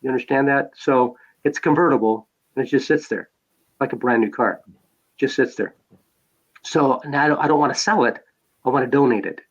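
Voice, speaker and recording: A man's voice: medium pitch, fairly quick, dull audio. An older man, a podcast guest, telling stories in a conversational way, repeating phrases for emphasis. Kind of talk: conversational storytelling.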